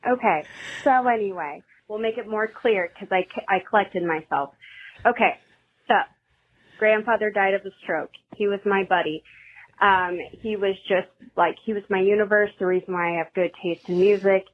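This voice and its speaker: A woman's voice: medium pitch, normal speed. A woman caller leaving a rambling, nervous voicemail on a podcast hotline, telling a personal story. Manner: rambling, nervous, self-deprecating. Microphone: phone. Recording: tinny phone line.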